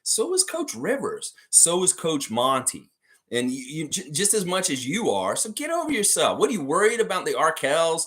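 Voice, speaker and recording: A man's voice: a little high, wildly swooping pitch, moderate pace, a bit bright. A man hosting a live sports fan stream, ranting heatedly about coaches, swearing and laughing as he talks.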